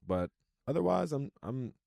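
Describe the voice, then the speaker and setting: A man's voice: medium pitch, very animated, normal speed, gravelly, dark tone, dry recording, studio quality. A man co-hosting a podcast, chatting casually and reflectively, often repeating his points. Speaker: podcast co-host. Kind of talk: casual chat.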